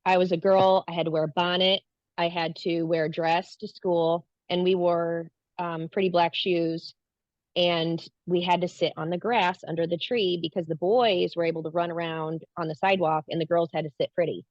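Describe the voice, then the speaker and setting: Low-voiced woman guest, earnest storyteller, dull lo-fi dry recording. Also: flat delivery, normal speed, dry recording. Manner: earnest, acts out her own past lines. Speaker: guest recounting a spiritual experience. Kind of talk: casual personal storytelling.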